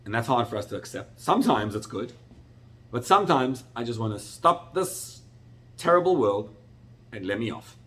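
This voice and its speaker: A middle-aged man, a rabbi, teaching a Torah class with animated, expressive storytelling and sudden jumps in pitch. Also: normal speed.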